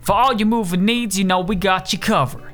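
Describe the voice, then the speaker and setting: A cheerful company boss with a raised, bright pitch, as an Irish man puts him on. He rattles off breezy salesman patter in a mock advert, with faint music under him. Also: brisk. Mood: chirpy sales pitch. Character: chirpy male bandwagon company boss in an ad.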